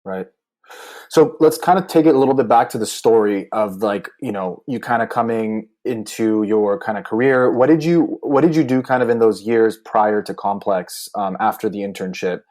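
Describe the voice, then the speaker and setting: A man's voice: fairly low pitch, normal speed, darkish tone. A man hosting a podcast, asking questions in an easygoing, hedging way with many fillers. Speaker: podcast host. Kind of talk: interview questions.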